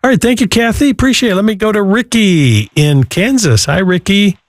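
A man's voice: sits high, expressive, normal speed, no room sound, studio quality. A man hosting a Christian call-in radio show, speaking earnestly and preaching between calls. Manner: earnest, preachy, repeats words.

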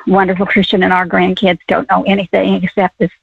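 A woman's voice: medium pitch, monotone, creaky, slightly rough, dry recording. Older woman caller on a phone line. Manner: halting, many fillers, laughs often. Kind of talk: call-in testimony.

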